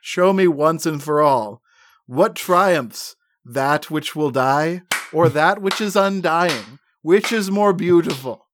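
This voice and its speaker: A man's voice: on the high side, slow pace, noisy background. A man putting on a dying grandiose mad scientist.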